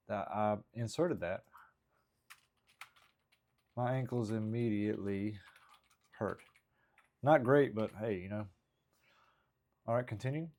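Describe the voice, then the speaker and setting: A man talks through his stand-up drafts in a relaxed vlog style. He rambles with frequent restarts and self-critical asides. His voice sits at an ordinary male pitch. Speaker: stand-up comedian. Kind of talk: casual vlog, working through stand-up material.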